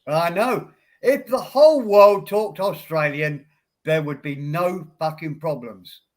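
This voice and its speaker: A man's voice: fairly high pitch, takes it slowly. A man on a livestream, rambling and self-deprecating, apologetic in tone.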